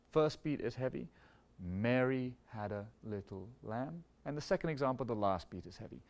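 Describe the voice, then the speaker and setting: A man teaching conducting technique in a measured, clear way, his voice pitched in the middle range. He now and then sings short melody lines slowly while he shows the beats. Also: a little mellow. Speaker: orchestra music director teaching conducting. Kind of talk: instructional video lesson.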